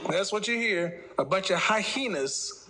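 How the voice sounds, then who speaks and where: A man's voice: sits high, animated, heavy background noise. A man giving a casual opinion monologue as a dating commentator, speaking mockingly and addressing his audience directly. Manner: mocking, lecturing, slips into quick impressions.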